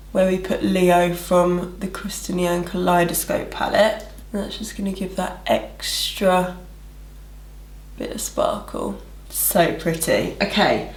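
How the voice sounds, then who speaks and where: A young woman talks through a makeup tutorial at home, chatty and gushing. Her voice sits at an ordinary middle pitch. The room around her is echoey. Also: a little hiss or hum. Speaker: makeup vlogger. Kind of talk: casual makeup tutorial narration.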